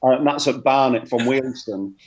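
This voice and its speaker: A man's voice: mid-range voice, moderate pace. A man chatting casually as a comedian guest, rambling and repeating words, often laughing. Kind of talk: casual chat.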